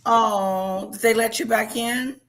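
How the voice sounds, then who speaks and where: An older woman hosting a casual chat, reacting with quick exclamations and laughter. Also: on the high side, steady tone, fairly bright tone. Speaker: host.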